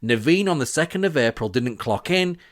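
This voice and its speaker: A man's voice: mid-range voice, expressive, fairly quick, no room sound, studio quality. A man from Britain hosting a scripted podcast, reading out witness quotes with sarcastic, indignant asides. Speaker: podcast host.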